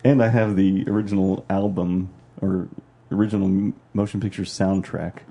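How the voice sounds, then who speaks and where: A man's voice: low-pitched, flat delivery, moderate pace, creaky, warm tone, breathy edge. A man co-hosting a casual podcast chat, joking and enthusiastic with playful teasing. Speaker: podcast co-host.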